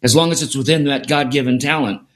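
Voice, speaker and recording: A middle-aged man, guesting on an interview as a sport performance scientist, speaks at a quick pace in a steady, medium-pitched voice. He earnestly recounts a story, repeating certain phrases for emphasis.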